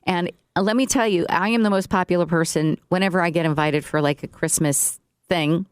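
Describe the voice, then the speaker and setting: A woman's voice: lowish voice, a little fast, clear, resonant tone, no echo, studio quality. A woman with a New York accent hosting a casual radio chat, bubbly and effusive, laughing easily. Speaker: radio host. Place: radio studio.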